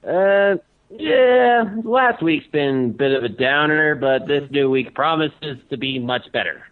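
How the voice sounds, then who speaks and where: A man's voice: medium pitch, animated, moderate pace, phone-quality sound. A man co-hosting a casual podcast, answering with dry teasing while he is still getting over an illness. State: recovering from illness. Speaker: podcast co-host. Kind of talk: casual chat.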